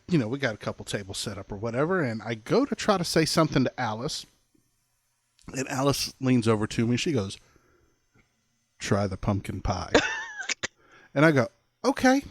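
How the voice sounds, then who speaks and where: A man's voice: medium pitch, no room sound. A man co-hosting a podcast, telling a funny story in casual chat and laughing often. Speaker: podcast co-host.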